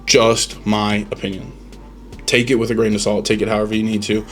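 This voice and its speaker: A man's voice: fairly low pitch, little pitch movement, a little fast, soft background music. A man hosting a podcast, giving rambling, opinionated reactions in casual chat, full of ums and restarts. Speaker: podcast host.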